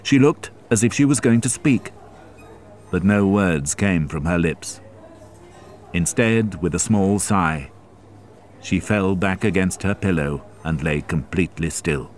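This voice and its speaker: Slow deep-voiced male story narrator. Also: a little mellow. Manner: slow, careful, measured reading. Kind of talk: graded reader narration.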